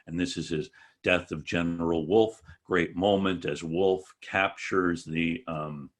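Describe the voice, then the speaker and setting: A man's voice: low voice, fairly even intonation, slow. A man giving an online history lecture over a video call, joking and correcting himself as he goes. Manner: digressive, joking asides, self-correcting.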